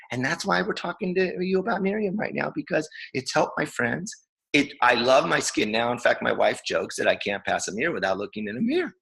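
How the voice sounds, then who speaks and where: A man's voice: medium pitch, lively intonation, fairly quick, vocal fry, bright, forceful tone, low-quality recording. A man in his fifties giving a casual, enthusiastic training talk, rambling with restarts. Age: 50s. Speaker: co-host.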